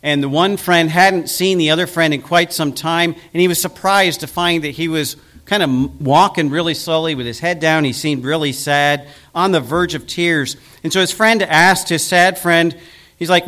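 A man preaching a sermon as pastor in a church, earnest and slowing down to stress key words. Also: a little high, sharp tone.

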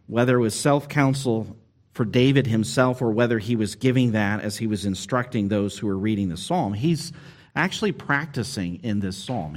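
A man preaching a sermon with earnest, expressive delivery. His voice sits at an ordinary middle pitch, rising with emphasis on key words and slowing down to let a point land. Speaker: pastor.

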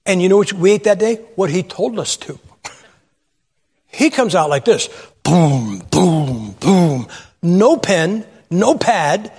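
Older preacher with a husky, high voice. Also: male voice, long reverb tail. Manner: storytelling, asks the audience questions. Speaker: pastor. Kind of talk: sermon.

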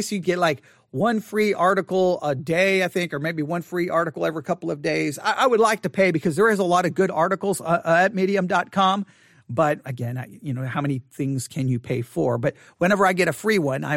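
A man's voice: fairly high pitch, a bit bright, no echo, clean studio sound. A man giving casual spoken commentary as a Christian commentator, rambling with frequent restarts and self-corrections.

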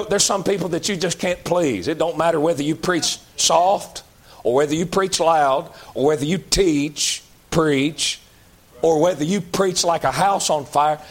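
A man preaching a sermon in a folksy, emphatic way, jumping to loud outbursts and dropping to low, slow asides. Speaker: pastor.

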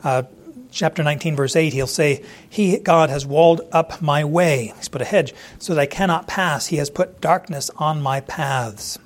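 Man teaching scripture, slightly high voice. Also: moderate pace. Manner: conversational, acts out quoted lines with restarts. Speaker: Bible teacher. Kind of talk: verse-by-verse Bible teaching.

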